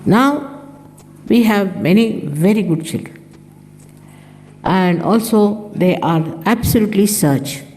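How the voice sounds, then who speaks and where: A woman's voice: expressive, takes it slowly, long pauses, darkish tone, slight background noise. An older woman giving a conversational spiritual talk, telling anecdotes and acting out the voices of the people in them. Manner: conversational, tells anecdotes, acts out quoted speech in a higher voice. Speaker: spiritual teacher. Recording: archive recording in a reverberant hall.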